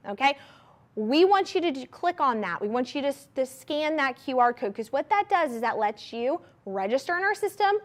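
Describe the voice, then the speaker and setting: A woman hosting a live shopping channel, pitching products to viewers in an upbeat, chatty way. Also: big pitch swings, normal speed. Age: adult mother of a young child. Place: TV studio.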